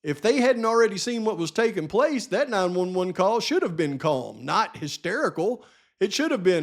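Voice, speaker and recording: A man's voice: high-pitched, sing-song, normal speed. A man hosting a true-crime commentary channel, firing off indignant rhetorical questions. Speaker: host.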